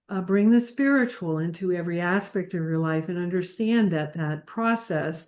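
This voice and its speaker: Woman, mystic author guest, slow, halting, reflective. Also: on the low side, darkish tone. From United States. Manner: halting, many fillers. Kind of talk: reflective interview answer.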